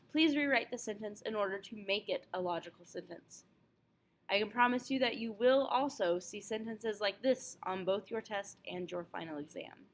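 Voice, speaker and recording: A woman teaching French, calmly going over a test review and slowing down for example phrases. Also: mid-range voice, a little hiss or hum. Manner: clear, patient explaining with slowed example phrases.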